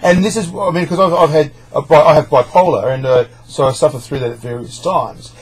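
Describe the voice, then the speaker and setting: A man's voice: on the high side, brisk, breathy edge, rough recording. A man in a casual support group talk, explaining points and repeating words as he starts.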